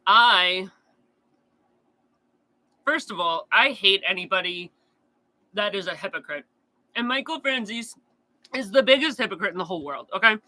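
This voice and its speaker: A man's voice: high-pitched, lively intonation, normal speed, pauses often, pushed and bright, low-quality recording. A man chatting casually on a true crime stream, answering chat in a blunt, profane rant.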